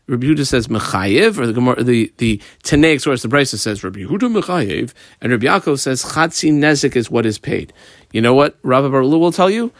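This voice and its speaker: A man teaching a Talmud page line by line, explaining each phrase and marking up the text as he goes, sometimes quick, sometimes slow and stressed. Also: mid-range voice, no echo, studio quality. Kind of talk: page-by-page study lesson.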